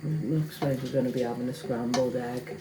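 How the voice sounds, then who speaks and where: A woman's voice: very deep voice, fairly even intonation, a little fast, noisy background. A woman, chatting casually and poking fun at herself while she cooks in her home kitchen for a vlog. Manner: chatty, self-mocking, talks to viewers while cooking. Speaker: home cooking vlogger. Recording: echoey kitchen with clattering pans.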